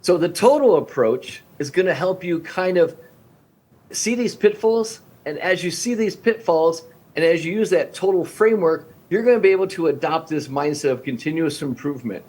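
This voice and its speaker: A man's voice: on the high side, moderate pace. A man in his fifties, a restaurant coach, speaking as a guest on a podcast interview and acting out conversations with clients. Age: 50s. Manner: energetic, acts out phone-call dialogues with clients.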